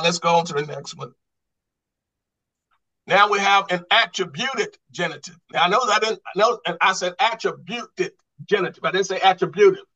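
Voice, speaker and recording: Male Bible study teacher, high and bright, quizzing style, repeats and restarts. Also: rough recording. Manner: quizzing the class with repeated questions; restarts and repeats words when stressing a point. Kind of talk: Bible study lesson on Greek grammar.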